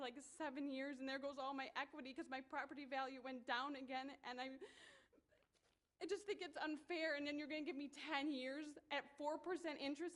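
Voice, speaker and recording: A woman resident speaking at a city council public hearing, emotional and close to tears, halting and repeating herself. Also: high-pitched, a bit bright. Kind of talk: public comment at a council meeting. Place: council chamber.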